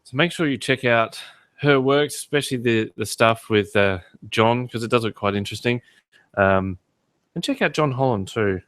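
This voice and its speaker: A man's voice: medium pitch, moderate pace, fairly bright tone, clear, resonant tone, no room sound. A man with an Australian accent co-hosting a podcast in casual, joking chat with many fillers. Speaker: podcast co-host.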